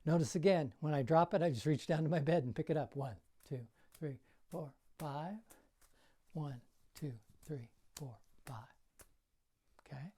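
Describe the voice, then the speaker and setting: Older juggling coach with a mellow voice. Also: mid-range voice, measured pace, long pauses, breathy edge. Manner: counts throws aloud while demonstrating; plain, encouraging coaching talk. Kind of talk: casual how-to tutorial. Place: bedroom.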